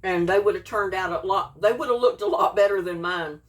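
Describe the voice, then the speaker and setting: A woman's voice: medium pitch, a little fast, far from the mic. A woman, chatting folksily in a home cooking vlog and tasting her food as she talks. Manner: folksy, chatty, eats while talking.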